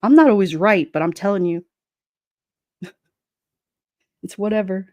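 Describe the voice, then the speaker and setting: A woman's voice: medium pitch, animated, a little slow, darkish tone, no echo. A middle-aged woman with a New York accent chatting casually to her livestream, blunt and streetwise, often breaking into laughs. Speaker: livestream host. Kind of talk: casual live-chat talk.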